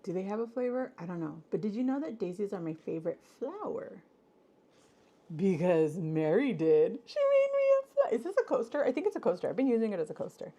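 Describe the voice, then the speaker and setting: Gushing woman streamer with a mellow voice. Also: a little fast, dull audio. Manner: effusive and gushing, swooping up high when excited. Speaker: live-stream host. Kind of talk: casual chat to live viewers.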